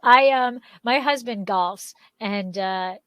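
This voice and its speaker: A woman's voice: fairly high pitch, takes it slowly, a bit bright, smooth, no echo. A woman co-hosting a podcast interview, chatting casually and telling stories with easy laughter. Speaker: podcast co-host.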